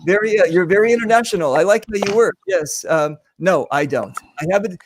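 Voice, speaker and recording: A man's voice: high voice, fairly quick. A man hosting a casual video-call paintball show, joking and rambling with many fillers. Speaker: host of a paintball talk show.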